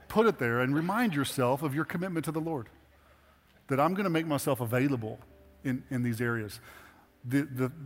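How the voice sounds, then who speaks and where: A middle-aged man preaching a sermon as pastor, talking conversationally and earnestly and building to emphatic exhortations. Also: medium pitch. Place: church sanctuary. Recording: hall reverb with faint music.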